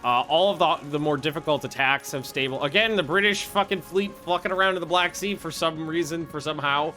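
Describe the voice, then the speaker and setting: A man casually commenting on his own strategy game play, excitable, swearing freely and thinking aloud with restarts. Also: fairly high pitch, fairly quick, soft background music. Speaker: gaming video host.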